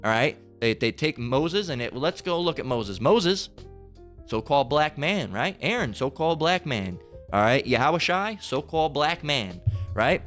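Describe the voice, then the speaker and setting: A man's voice: a little high, animated, unhurried, fairly bright tone, soft background music. A man preaching a heated, profane sermon, ranting, repeating himself and firing off rhetorical questions between scripture readings.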